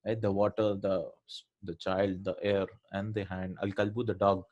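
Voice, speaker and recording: A man's voice: sits low, flat delivery, moderate pace, a little mellow, muffled recording. A man teaching a revision lesson on Arabic letters and pronunciation, explaining step by step and often checking in with his students.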